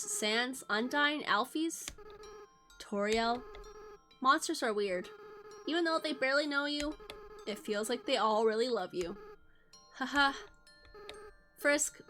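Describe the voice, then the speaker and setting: A woman reading the lines of a young goat-monster boy in a game, soft and halting, remorseful and tender. She sounds close to her everyday voice. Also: high-pitched, lively intonation, soft background music, heavily acted. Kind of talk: reading game dialogue aloud.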